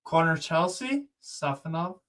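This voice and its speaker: Co-host for a live football watchalong, terse reactions, lively pitch. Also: a little slow. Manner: short bursts of reaction, calls out player names. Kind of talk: live match watchalong commentary.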